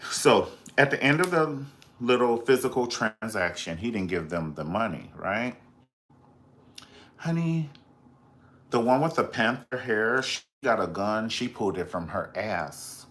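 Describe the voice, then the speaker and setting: A man hosting a casual pop culture commentary, profane and dramatic, breaking into high squeals when he quotes people. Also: animated, a little slow, fairly bright tone. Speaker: host.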